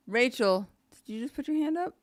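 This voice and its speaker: A woman's voice: a little high, animated, a little fast, no echo. Woman host, dry close sound, playful teasing, calling on people. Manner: warm, teasing, calls on people. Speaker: meeting host. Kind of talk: casual facilitation.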